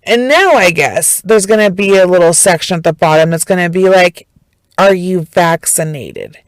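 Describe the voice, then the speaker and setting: A woman's voice: on the low side, fairly quick, no echo, rough recording. A young woman hosting a podcast, ranting in a casual, profane, rambling way with frequent restarts. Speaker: podcast host.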